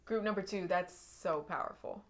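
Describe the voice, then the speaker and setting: A woman's voice: on the low side, normal speed. A young woman giving an intuitive tarot reading to her viewers, earnest and emotional, often repeating and restarting her phrases. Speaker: tarot reader.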